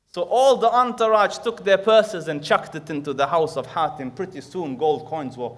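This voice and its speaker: Man giving a storytelling Islamic lecture. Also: high-pitched. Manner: rises loud for emphasis, drops soft for quoted prayers; recites Arabic verses quickly.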